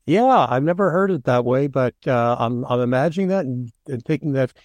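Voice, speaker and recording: Male podcast host, keen and upbeat questioner, mid-pitched, dry close mic. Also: lively intonation, fairly quick, darkish tone, no echo. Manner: enthusiastic, eager questioner. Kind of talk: casual interview.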